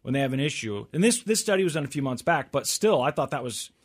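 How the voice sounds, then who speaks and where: A man's voice: medium pitch, sing-song, quick pace, slightly rough. A man hosting a casual chat, reading out survey figures and adding wry comments. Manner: reads out survey stats with wry asides. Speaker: podcast host.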